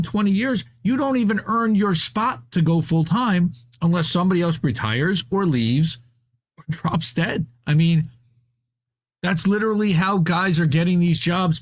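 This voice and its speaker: Fired-up man ranting. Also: on the high side. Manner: fired-up, railing, profane. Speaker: podcast co-host. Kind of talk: casual ranting chat.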